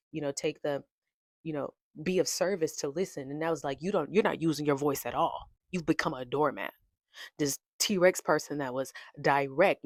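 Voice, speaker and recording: A woman's voice: sits low, dry recording, clean studio sound. A young adult woman hosting her own podcast, talking in a chatty, playful way and laughing often. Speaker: podcast host. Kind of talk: casual chat.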